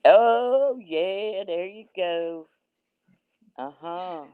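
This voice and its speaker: A woman's voice: deep voice, expressive, takes it slowly, gravelly, no room sound. A woman with a Southern US accent chatting on a livestream in a folksy, drawling way. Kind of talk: casual livestream chat. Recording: tinny phone-line call, dry.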